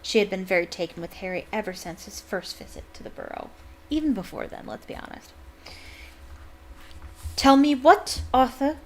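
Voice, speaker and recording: A woman's voice: lowish voice, animated, fast talker, few pauses, slight background noise. Chatty woman reading a book aloud. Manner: chatty, giggly asides. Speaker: book reader and fan. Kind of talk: casual reading aloud with commentary.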